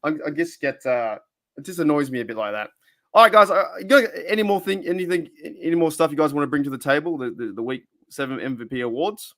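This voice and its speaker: A man's voice: on the high side, animated, fast, a bit bright. An Australian man hosting a casual sports chat, talking loosely with lots of restarts and fillers. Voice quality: rambling, many restarts and fillers. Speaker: podcast host.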